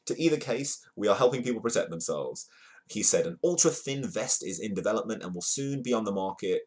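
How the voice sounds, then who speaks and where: A man's voice: mid-range voice, darkish tone, a little hiss or hum. A man hosting a livestream, reading news headlines aloud in a casual, playful way and greeting chat viewers between stories. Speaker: livestream host. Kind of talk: casual news read-through with jokey asides.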